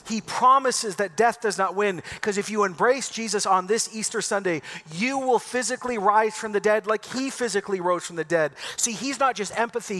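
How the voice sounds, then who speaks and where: Man, pastor, preaching, high voice, bright tone, impassioned. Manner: impassioned preaching, softening to a quiet prayer. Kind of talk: sermon.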